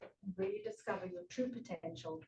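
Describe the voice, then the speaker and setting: A woman's voice: mid-range voice, a little mellow, slight background noise. Earnest South African woman giving a speech. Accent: South African English with a slight British tinge. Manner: earnest, with emphatic lists and pauses. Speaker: club speaker. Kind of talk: prepared public speech. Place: meeting room. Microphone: room recording from a distance. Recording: echoey room from far off.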